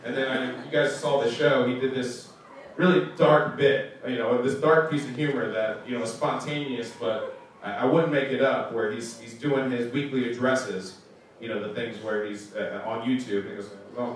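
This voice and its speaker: A man in his thirties telling stories to students in a casual talk, animated and laughing often as he goes. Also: mid-range voice, normal speed, a little hiss or hum. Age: 30s. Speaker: guest speaker. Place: school auditorium. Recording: echoey hall, voice picked up from far off.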